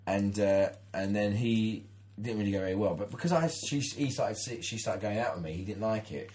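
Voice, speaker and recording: A man's voice: fairly low pitch, normal speed, a little mellow. A man in his thirties, co-hosting a casual podcast and telling a long story with many restarts and acted-out quotes. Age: 30s. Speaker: podcast co-host. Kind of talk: casual chat, anecdote.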